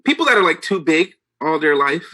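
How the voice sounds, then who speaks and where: A man's voice: on the high side, very animated, brisk, sharp tone, low-quality recording. A young man co-hosting a casual podcast, laid-back and sarcastic, calling people bro. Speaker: podcast co-host.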